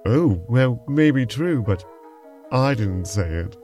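A man co-hosting a role-play podcast, playing along in a dry, mild and unhurried way. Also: medium pitch, animated, warm tone, faint music behind. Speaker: co-host and player.

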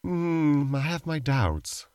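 A man's voice: fairly high pitch, big pitch swings, slow pace, a little mellow, clean tone, no room sound. A man co-hosting a comedy show, answering his partner in a dry, skeptical, prim way. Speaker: co-host. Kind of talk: comedic improvised role-play banter.

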